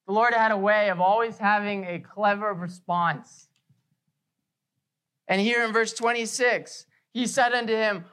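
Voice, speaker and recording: A woman pastor preaching a sermon with emphasis, often repeating key phrases slowly. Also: medium pitch, a bit bright.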